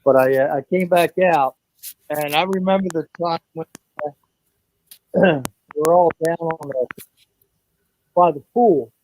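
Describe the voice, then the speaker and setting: A man calling in as a guest who tells his story haltingly and keeps clearing his throat. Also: a little high, a little mellow, a little hiss or hum. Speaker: guest on call. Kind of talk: casual storytelling chat. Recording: dull, muffled phone call.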